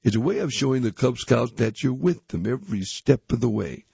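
A man reading a youth magazine aloud, articles and a story, in a plain, steady manner. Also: medium pitch, a little fast, creaky, husky, no echo. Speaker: reader. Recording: dull, dry recording.

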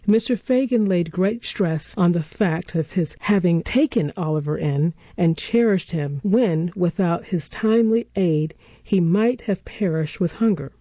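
Mellow, low female audiobook narrator. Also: unhurried, few pauses, no room sound. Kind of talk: scripted narration. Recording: dull lo-fi recording.

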